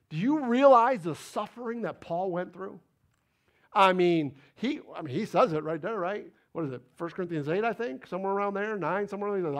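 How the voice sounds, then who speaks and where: A man preaching a sermon, animated and emphatic, repeating words for stress. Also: high-pitched. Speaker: pastor.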